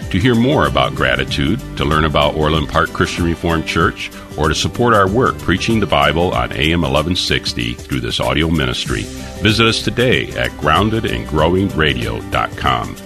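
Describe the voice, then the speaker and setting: Deep deep voiced pastor man reading the outro, music under him. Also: very animated. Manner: measured, formal closing prayer and announcement. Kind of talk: scripted radio sign-off.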